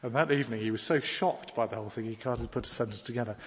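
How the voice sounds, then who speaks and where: A man's voice: medium pitch, fast, husky. A man preaching a sermon who tells stories and pleads earnestly with his listeners. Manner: earnest, pleading, rising to emphatic questions. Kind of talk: sermon with storytelling. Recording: long reverb of a church hall.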